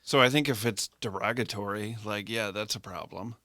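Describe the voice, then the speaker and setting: Bright-voiced, teasing man on a podcast. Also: fairly low pitch, normal speed, dry recording, studio quality. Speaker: podcast co-host. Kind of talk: casual chat.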